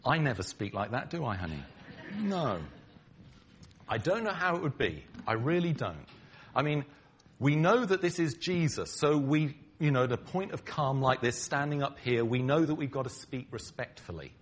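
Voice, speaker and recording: Man, middle-aged pastor, conversational sermon, acts out quotes, very expressive pitch, faint background noise. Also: normal speed. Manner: conversational, banters with the congregation; acts out quoted lines dramatically.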